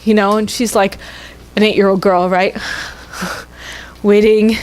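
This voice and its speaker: A woman minister telling a story in a sermon, conversational and expressive. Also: medium pitch, slow. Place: church sanctuary.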